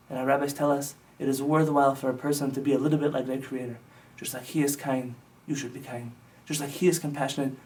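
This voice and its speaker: A man's voice: medium pitch, darkish tone, distant mic. A male rabbi giving a sermon-like teaching, telling stories with impassioned, emphatic build-ups. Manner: impassioned storytelling that swells into emphatic lists.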